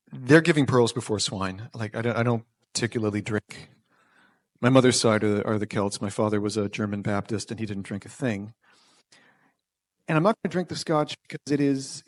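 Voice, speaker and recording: A man's voice: medium pitch, no echo. A man telling a personal story on stage, wry and self-deprecating, with nervous restarts. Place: small performance venue.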